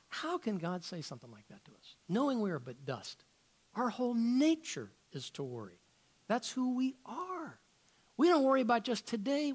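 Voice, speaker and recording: A man's voice: extremely high pitch, darkish tone. A man preaching a sermon as a pastor, firing off rhetorical questions and often repeating words as he searches for the next thought.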